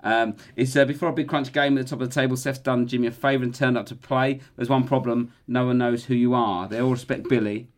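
A podcast host in casual chat, briskly explaining the setup of a role-play game. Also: male voice, mid-range voice, steady tone.

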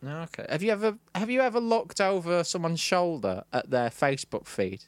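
A man's voice: a little high, lively intonation, moderate pace, no room sound, clean studio sound. A middle-aged man from Manchester with a Mancunian accent, telling comic stories in a wry, sardonic way on a podcast. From Manchester, England. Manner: wry, sardonic, mocking impressions. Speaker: podcast co-host. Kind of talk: comic storytelling chat.

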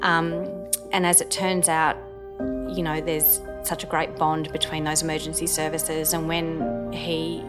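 A woman telling a personal story in the first person, hesitant, with frequent pauses, ums and restarts. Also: low voice, little pitch movement, over loud music. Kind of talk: emotional first-person recollection.

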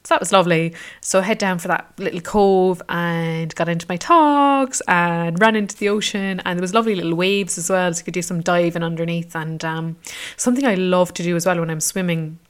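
Woman, about thirty, lowish voice, casual travel vlog, rambling, lots of fillers. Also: a little fast, smooth. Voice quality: chatty, rambling with many fillers. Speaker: travel vlogger.

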